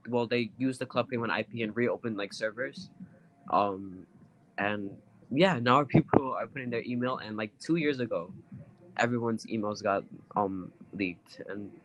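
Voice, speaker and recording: A man's voice: medium pitch, measured pace, fairly bright tone, a little hiss or hum. A young man, a podcast guest, chatting casually and rambling, often laughing. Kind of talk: casual chat.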